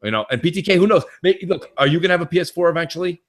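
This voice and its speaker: A man's voice: fairly high pitch, rapid-fire. A man on a casual gaming podcast, ranting animatedly and acting out quoted conversations, with plenty of swearing. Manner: animated, profane, acts out quotes. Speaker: podcast co-host.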